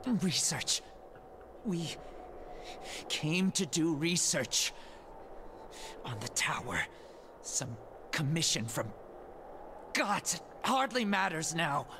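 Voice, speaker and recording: A man doing a ghoulish, half-mad old scholar hunched over his device, speaking in slow, broken fragments. The voice swings high and low, straining and fervent. Steady hiss sits under the game recording. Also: full character voice. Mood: anguished. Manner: broken, halting, fervent delivery. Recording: audible background hiss.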